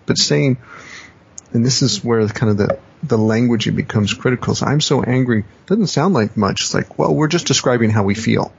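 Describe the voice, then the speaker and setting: A man's voice: mid-range voice, creaky, husky. A man, a coach and teacher, explaining ideas in a reflective podcast conversation, often rephrasing himself. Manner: reflective, repeats and rephrases, acts out quoted phrases. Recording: dull lo-fi podcast audio.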